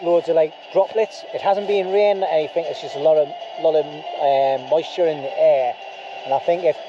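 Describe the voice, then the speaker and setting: A man's voice: a little high, dull audio, noisy background. A middle-aged man, chatting casually to his handheld camera at an outdoor beach camp at night, rambling and self-deprecating. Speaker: bushcraft vlogger. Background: music playing.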